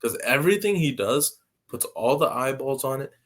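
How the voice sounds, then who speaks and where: A man's voice: medium pitch, very animated, normal speed. A young man co-hosting a casual podcast chat, giving blunt, offhand opinions. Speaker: co-host.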